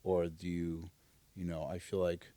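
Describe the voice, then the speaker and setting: The co-host's voice sits low and barely shifts in pitch, unhurried and mellow over a dry recording. Opening up about his struggles in a heartfelt, casual podcast chat, he searches for words, full of fillers and restarts.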